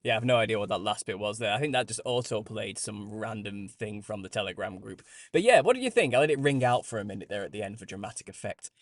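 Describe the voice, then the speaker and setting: A man's voice: fairly low pitch, animated, fast talker, hardly any pauses, dry recording, clean studio sound. A British man hosting a live stream, chatting casually with listeners, laughing often and restarting phrases as he goes. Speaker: host.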